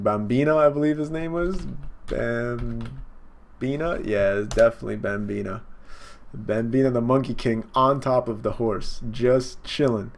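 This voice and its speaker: A man casually and excitedly recapping a comic chapter in slangy talk during a live stream, jumping into the characters' lines. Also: mid-range voice, measured pace. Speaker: online manga reaction host.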